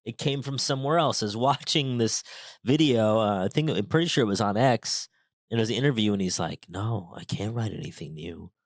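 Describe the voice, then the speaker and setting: A man hosting a show, chatting casually and reading passages aloud, animated and quick to interrupt himself. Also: medium pitch, dry recording. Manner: animated, excitable, self-interrupting. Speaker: podcast host.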